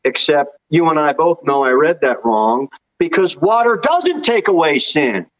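A man's voice: fairly high pitch, very animated, a little slow, a bit bright, muffled recording. A man preaching a sermon as pastor in a church, reading scripture aloud with emphasis.

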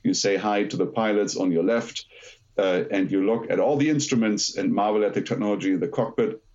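A middle-aged man speaks English with a German accent, a fairly low voice carrying his guest stories. He talks in a lively way, with dry self-deprecating jokes. The audio comes across dull and lo-fi. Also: fairly quick. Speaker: podcast guest, aerospace lawyer. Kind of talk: conversational podcast interview.

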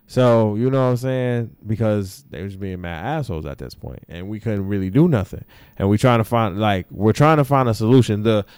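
A young adult man hosting a podcast, telling a story in a casual, animated and profane way and acting out his own quotes. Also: on the low side, normal speed, smooth, dry recording. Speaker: podcast host.

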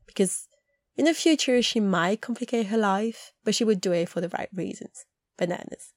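A podcast host recaps a TV episode in casual chat, her medium-pitched voice moving at a moderate pace. She animatedly retells scenes and acts out lines, captured in studio quality with no echo.

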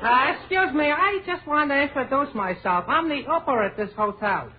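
An actor playing a goofy hotel washroom attendant in a 1930s radio comedy sketch, silly and chirpy. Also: male voice, extremely high pitch, lively intonation, normal speed, phone-quality sound. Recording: scratchy 1930s radio broadcast.

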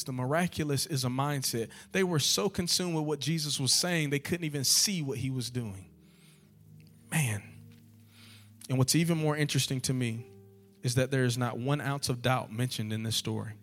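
A man preaching a sermon, asking rhetorical questions again and again and building to loud, repeated calls. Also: mid-range voice, moderate pace, faint music behind. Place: church sanctuary.

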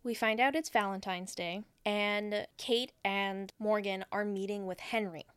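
A woman's voice: medium pitch, clean tone, dry recording. A young woman co-hosting a casual podcast, steadily retelling a film's plot and acting out bits of dialogue. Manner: steady storyteller, acts out lines in quick voices. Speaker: podcast co-host recapping a film.

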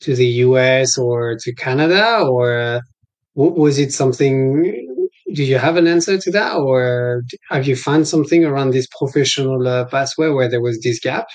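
A man's voice: medium pitch, normal speed. A man hosting an interview, asking long questions in a rambling way and searching for words with many restarts. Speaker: podcast host.

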